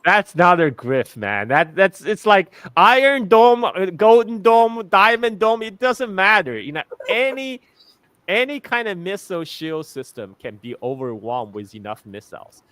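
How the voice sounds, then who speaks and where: A man's voice: sits high, big pitch swings, measured pace, fairly bright tone. A man talks as a guest on a live stream, blunt and sarcastic, often laughing. He keeps repeating and restarting his words. The sound is dry and close, with no room echo. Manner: frequent word repetitions and restarts. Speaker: guest commentator.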